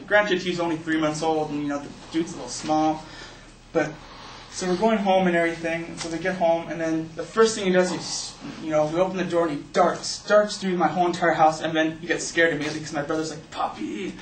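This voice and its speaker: A man's voice: on the high side, fairly even intonation, fast. Young man telling a story, echoey room. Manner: casual, loose, full of "like" and "you know". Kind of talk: personal story told as a speech. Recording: echoey room, distant mic, faint hiss.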